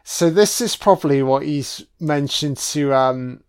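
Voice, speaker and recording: A man giving a casual, sweary audio commentary on a film, reacting out loud to what he sees. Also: a little high, unhurried, clean tone. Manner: sweary, exclaiming reactions at the screen.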